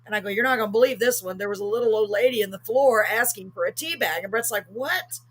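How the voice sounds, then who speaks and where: A woman's voice: mid-range voice, fast talker. A middle-aged woman, telling a story on a live talk show with emphatic, acted-out quotes. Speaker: host.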